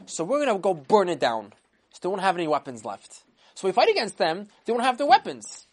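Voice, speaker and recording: A woman's voice: medium pitch, huge pitch swings, fairly quick. A woman voicing a scheming male army general who plans a night raid aloud. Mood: plotting. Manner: plotting, musing aloud.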